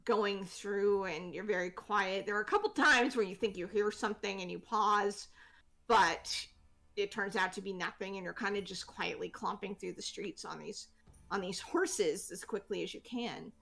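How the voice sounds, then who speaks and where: A woman's voice: medium pitch, a little slow, creaky, fairly bright tone. A woman narrating a tabletop game as game master, in a casual, loose way with many fillers.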